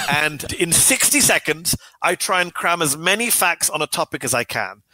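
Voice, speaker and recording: A man speaking as an author and guest in a podcast interview, talking fast and emphatically with an argumentative drive. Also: a little high, very animated, pushed and bright, no room sound.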